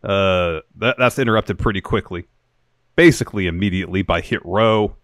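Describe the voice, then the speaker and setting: A man's voice: low-pitched, normal speed, no room sound, clean studio sound. A man co-hosting a wrestling podcast, retelling the show's segments step by step in casual chat. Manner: steady play-by-play retelling of segments. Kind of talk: casual show recap chat.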